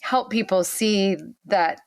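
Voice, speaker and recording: A woman's voice: mid-range voice, takes it slowly, no echo, studio quality. A woman co-hosting a podcast, speaking in a reflective, supportive way in casual conversation. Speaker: podcast co-host.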